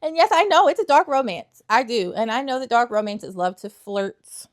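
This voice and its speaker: Sassy high-voiced woman reviewing books. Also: lively intonation, normal speed. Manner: sassy, emphatic, repeats lines for effect. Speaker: book reviewer. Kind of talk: casual vlog chat.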